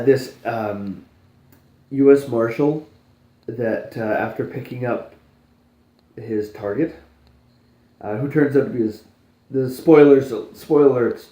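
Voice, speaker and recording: A Canadian man co-hosting a podcast, talking casually with a hesitant, halting manner. His voice is mellow and dark. The sound is roomy. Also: mid-range voice. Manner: hesitant, many fillers and restarts. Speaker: podcast co-host. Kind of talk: casual chat.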